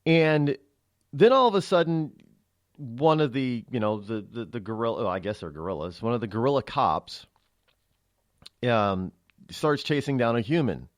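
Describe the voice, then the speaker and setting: Animated male talk radio host. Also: mid-range voice, moderate pace, dry recording, clean studio sound. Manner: rambling, opinionated, conversational.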